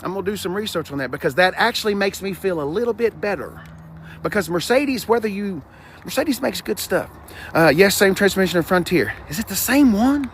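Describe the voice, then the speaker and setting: A man vlogging on a car dealership lot, chatty and animated, talking to the cars and his viewers. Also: high voice, brisk, slight background noise. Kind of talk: live-streamed dealership walkaround.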